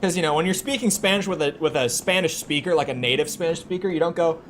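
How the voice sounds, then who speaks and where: A man's voice: fairly high pitch, fast, fairly bright tone. Rambling young American man streaming. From United States. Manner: rambling, repeats words when starting sentences. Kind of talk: casual chat with stream chat. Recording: clear background noise.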